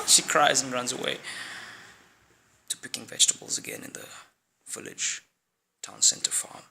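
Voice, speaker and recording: Gravelly man spinning a dramatic story. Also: mid-range voice, huge pitch swings, normal speed, long pauses, pushed and bright, slight background noise.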